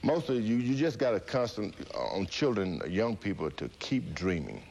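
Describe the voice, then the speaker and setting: Low-voiced man telling his story. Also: moderate pace, creaky, lo-fi sound. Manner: animated storyteller who acts out quoted voices and laughs often. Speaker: interview guest. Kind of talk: storytelling interview.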